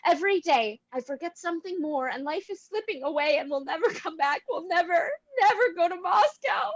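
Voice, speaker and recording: High bright voice, a woman doing a weepy young woman at the end of her rope, dry close sound. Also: expressive, fairly quick, dry recording, muffled recording. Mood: sobbing. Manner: sobbing, anguished outbursts. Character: despairing young woman, twenty-three, weary clerk. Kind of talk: cold-read stage drama. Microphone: video call.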